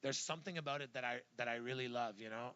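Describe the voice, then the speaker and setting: Chatty, bright-toned man rambling on stage. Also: mid-range voice, quick pace, smooth, muffled recording. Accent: Montreal English. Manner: rambling, animated storyteller with many fillers. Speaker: celebrity chef guest. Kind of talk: casual stage chat. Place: live event on stage before an audience.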